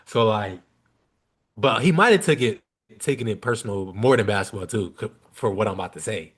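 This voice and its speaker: A man's voice: on the low side, brisk, slightly rough. A young man chatting casually as a podcast guest, telling a story with lots of slang and swearing. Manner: animated, slangy, swears freely.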